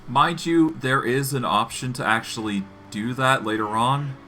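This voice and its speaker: A man chats through a game stream in an unhurried, bright voice, laughing often between his comments. Light game music sits faintly beneath him. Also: medium pitch. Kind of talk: casual gameplay commentary.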